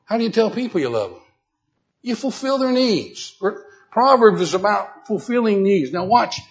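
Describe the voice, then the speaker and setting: On a dull lo-fi recording, a man with a high-sitting, very animated voice teaches a Bible lesson at a moderate pace. He preaches emphatically, asks the audience questions directly, and builds to loud, repeated exhortation.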